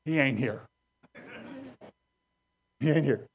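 A preacher voicing a casual, soothing angel. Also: male voice, medium pitch, slow, slightly rough. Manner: reassuring, repetitive, casual slang. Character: friendly male angel waiting in a tomb.

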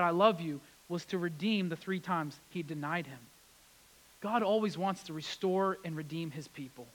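A man with a high-pitched voice delivers a sermon. He leans on repeated words and moves from raised, urgent passages down to quiet, hushed ones. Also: rough recording. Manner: emphatic, repeats key words, swings between loud and hushed. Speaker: preacher.

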